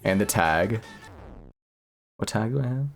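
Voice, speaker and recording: Deep gravelly man rambling on stream. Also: a little slow, soft background music. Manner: rambling, heavy on filler words, deadpan jokes. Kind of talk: casual gaming stream chat.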